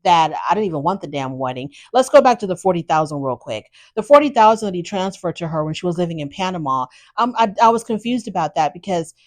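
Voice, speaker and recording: A woman hosting a podcast, casually recapping a reality show with blunt, animated opinions and exasperated asides. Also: fairly low pitch. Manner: animated, exasperated, talks straight to the subject.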